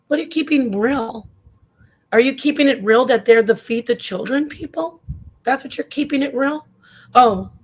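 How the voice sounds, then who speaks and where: Indignant woman commentary host. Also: on the high side. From Arizona, US. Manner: animated, indignant, drops into mocking voices. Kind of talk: opinionated commentary.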